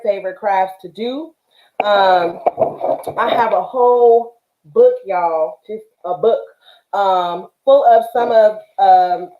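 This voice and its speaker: A woman from the Bay Area in Northern California hosts a craft livestream, chatting casually and affectionately with plenty of fillers. Her voice is medium-pitched with a dark tone, and the livestream audio sounds roomy and dull.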